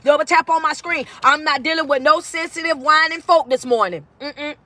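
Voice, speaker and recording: High-voiced blunt woman coach on a livestream. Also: normal speed, sharp tone. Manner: blunt, direct, preachy. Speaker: motivational speaker and life coach. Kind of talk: livestream talk to viewers.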